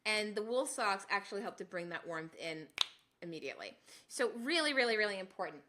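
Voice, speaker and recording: A woman hosting a casual health live stream, animated and talking to her viewers while she exclaims and curses at the cold. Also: mid-range voice, fairly quick, background noise. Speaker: health show host.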